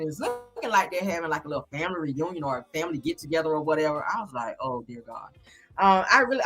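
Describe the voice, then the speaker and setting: A woman's voice: on the low side, fairly bright tone. Sassy, blunt woman recapping a show live. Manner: sassy, blunt and profane, talking straight to viewers. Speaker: reality show reviewer on a live stream. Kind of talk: casual live-stream recap.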